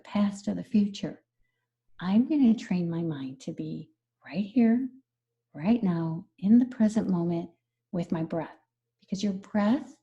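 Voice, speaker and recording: A woman's voice: medium pitch, warm tone, highs cut off. A woman stress management coach explaining her methods earnestly in a conversational interview, repeating key phrases.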